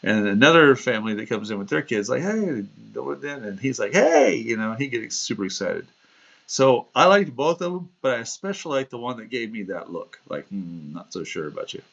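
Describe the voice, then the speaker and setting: A man's voice: mid-range voice, animated, a little fast, creaky, fairly bright tone. A man hosting a livestream, chatting casually and wandering from one story to the next, laughing at himself. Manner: chatty, digressive, laughs at himself, acts out quoted voices. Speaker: livestream host. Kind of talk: casual rambling livestream talk. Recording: dull lo-fi stream audio.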